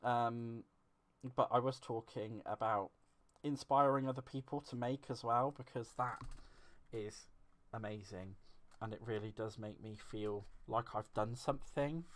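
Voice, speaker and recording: A man's voice: mid-range voice, measured pace, slight background noise. Chatty man hosting a craft stream. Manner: chatty, rambling, self-deprecating, reads and answers chat. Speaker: crafting livestream host. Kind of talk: casual live-stream chat while crafting.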